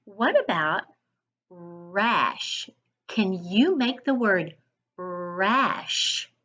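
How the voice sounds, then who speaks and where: Slow encouraging woman reading teacher. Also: mid-range voice, lively intonation, a bit bright, lo-fi sound. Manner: slow, sounds out each letter, encouraging. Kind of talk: phonics lesson for children.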